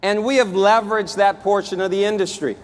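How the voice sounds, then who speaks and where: A man's voice: high-pitched, steady tone, a little fast. A man giving a fired-up motivational speech as a sales executive at a company event, out of breath and emphatic. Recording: echoey large hall with music.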